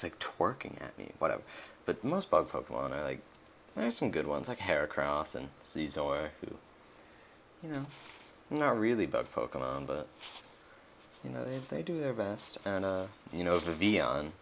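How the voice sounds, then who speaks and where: Very low gravelly young man rambling. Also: a bit bright, slight background noise. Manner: rambling, many fillers and restarts. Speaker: let's play commentator. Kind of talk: casual gameplay commentary.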